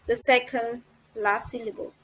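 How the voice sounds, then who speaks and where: A woman student giving a class presentation, reading slowly and carefully and spelling out letters one by one. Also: on the high side, level tone, a bit bright, slight background noise, low-quality recording.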